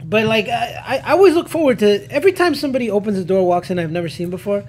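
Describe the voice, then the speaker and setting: A man co-hosting a casual podcast, telling an animated story and acting out what people said. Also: sits high, quick pace, slight background noise. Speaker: podcast co-host, jiu-jitsu instructor.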